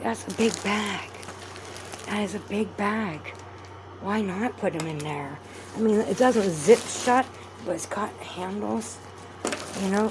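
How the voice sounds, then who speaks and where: Her medium-pitched voice carrying over background noise, a woman vlogs while crafting at home. She chats with viewers in a rambling, friendly way and warmly calls them "adorables."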